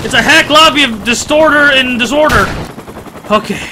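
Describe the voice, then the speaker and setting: Excitable high-voiced man whooping over gunfire. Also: normal speed, very noisy. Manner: excitable, swears and whoops between muttered self-talk. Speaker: gaming commentator. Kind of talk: excited gameplay commentary. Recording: loud game gunfire under the voice. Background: gunfire and explosions from the game.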